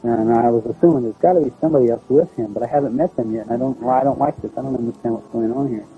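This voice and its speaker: A man telling a personal story in a plain, halting, conversational way. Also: medium pitch, mellow, rough recording. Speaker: storyteller recounting a personal experience. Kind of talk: first-person spoken recollection.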